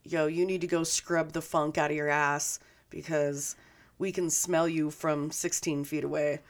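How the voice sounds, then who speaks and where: A woman's voice: deep voice, flat delivery, unhurried, pitched below the performer's own voice. A woman voicing a blunt, crude woman telling a man he needs to wash.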